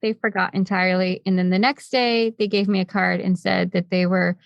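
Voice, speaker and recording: A woman's voice: mid-range voice, fairly quick, vocal fry, dry recording, dull audio. Chatty woman podcast host, dry close sound. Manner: chatty, animated storytelling with many "like"s. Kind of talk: casual chat.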